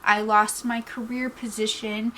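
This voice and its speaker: A woman chatting casually in a get-ready-with-me vlog, candid and reflective, teary-eyed, trailing off into pauses. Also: on the high side, level tone, a bit bright, slight background noise, poor audio. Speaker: beauty vlogger.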